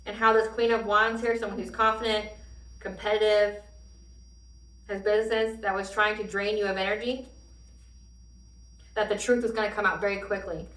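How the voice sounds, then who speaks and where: A woman giving a casual tarot reading in an animated way, swearing freely and laughing often. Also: mid-range voice, moderate pace, pauses often, roomy sound, far from the mic, low-quality recording. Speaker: tarot reader.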